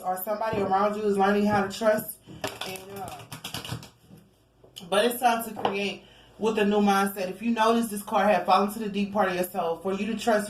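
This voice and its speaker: A woman's voice: mid-range voice, background noise. Chatty woman giving a rambling tarot reading. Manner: rambling, chatty, fillers and asides. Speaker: tarot reader. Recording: echoey room, faint ambience.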